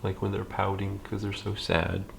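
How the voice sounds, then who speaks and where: A man teaching a library drawing lesson step by step, calm and patient, with many fillers and soft half-whispers while he draws. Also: fairly low pitch, moderate pace, vocal fry, slight background noise.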